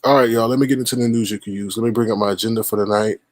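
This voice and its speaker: A man's voice: on the low side, fairly even intonation, racing, no echo. A man hosting a casual livestream, greeting viewers by name and teasing them in sing-song asides. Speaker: livestream host.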